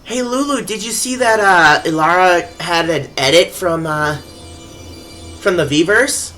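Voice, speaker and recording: A game streamer chatting casually while playing, rambling and giggly, quick to laugh at their own slips. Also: mid-range voice, sharp tone, soft background music. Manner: rambling, giggly, self-deprecating. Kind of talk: casual live-stream chat while gaming.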